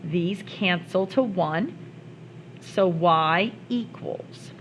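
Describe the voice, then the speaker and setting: A woman's voice: lowish voice, extremely slow, slight background noise, poor audio. A woman math teacher explaining worked examples step by step, with playful asides. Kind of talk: recorded classroom lesson.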